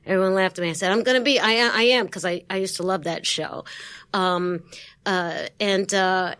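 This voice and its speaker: A woman with a Brooklyn New York accent, a guest in a studio interview, telling stories in a lively way and acting out the voices of the people she quotes. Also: medium pitch, normal speed, no room sound. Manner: lively storyteller who acts out quoted voices and laughs often. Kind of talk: casual interview storytelling.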